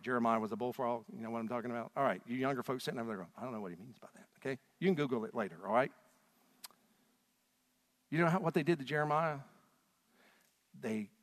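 A middle-aged man preaching a sermon as pastor, animated and rising to loud, emotional peaks as he reads scripture aloud. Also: medium pitch. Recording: long hall reverb.

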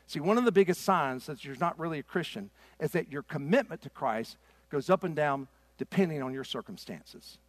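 A middle-aged man preaching a sermon in a church. His delivery is impassioned and swings from loud to hushed. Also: a little high, lively intonation, a little fast, no room sound. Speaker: pastor. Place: church sanctuary.

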